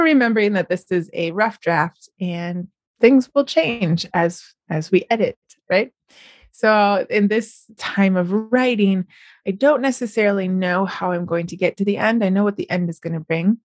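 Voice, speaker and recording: A woman's voice: medium pitch, moderate pace, no room sound, clean studio sound. A middle-aged woman, chatting on her podcast in a casual, upbeat way and often smiling as she talks. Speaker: podcast host and novelist. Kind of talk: casual solo podcast chat.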